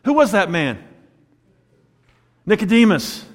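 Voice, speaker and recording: Animated male preacher in a hall. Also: high voice, slow. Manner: animated storytelling, acting out quoted voices. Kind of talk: sermon.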